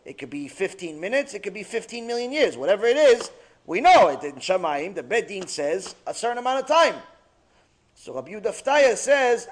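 Man, rabbi, Torah lecture, animated, high voice. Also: fairly quick. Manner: animated, acts out quotes. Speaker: rabbi teaching.

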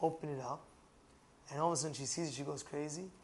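A rabbi, a man with a notably high voice, teaches through homely stories. He keeps checking whether his listener follows, and his voice swings into shouts when he makes a point. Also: quick pace. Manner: animated, asks the listener rhetorical questions, raises voice to a shout for emphasis. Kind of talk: storytelling talk on marriage.

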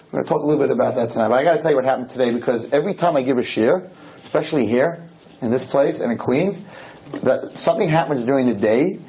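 A rabbi giving a humorous storytelling lecture, animated and jokey, jumping into high voices for the people he quotes. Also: rough recording. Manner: jokey, rapid asides.

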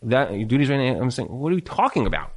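A man's voice: mid-range voice, very animated, quick pace, breathy edge. A man giving marriage advice to a live audience on a handheld mic, emphatic and repetitive, full of rhetorical questions. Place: event room with an audience.

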